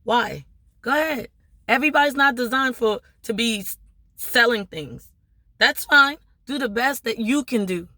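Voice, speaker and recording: A Maryland-accented vlogger who owns a small business rallies her viewers in a pushed, bright voice on the high side, at a moderate pace, in a dry recording. Emphatic and preachy, she keeps throwing out rhetorical questions with "right?"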